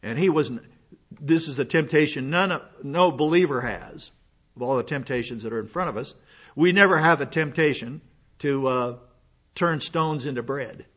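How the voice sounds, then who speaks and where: Folksy older preacher, husky and lo-fi. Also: male voice, fairly high pitch, normal speed, a bit bright. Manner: folksy, rambling with frequent fillers and restarts. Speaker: pastor. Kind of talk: sermon. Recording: dull lo-fi sound.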